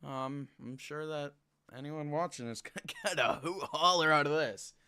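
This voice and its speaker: A man hosting a live sports talk show, ranting in a frustrated and loud way into a desk mic. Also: a little high, normal speed, smooth. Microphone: desk mic kept at a distance.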